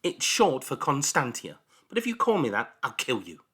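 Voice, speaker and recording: A man reading a storybook aloud and voicing a bossy, sharp-tongued young girl with a sarcastic, threatening manner. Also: mid-range voice, wildly swooping pitch, normal speed, slightly rough, voice pushed up, full character voice. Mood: scornful.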